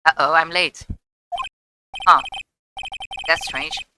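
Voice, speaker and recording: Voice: medium pitch, fairly even intonation, slow, background noise, lightly acted. A streamer reading the lines of a worried young lawyer from a video game, in a plain inner-monologue way. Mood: uneasy.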